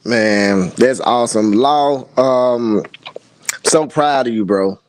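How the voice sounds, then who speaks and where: A man co-hosting a podcast who talks in a casual, halting way, often adding "you know what I'm saying". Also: mid-range voice. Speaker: podcast co-host. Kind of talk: casual supportive chat.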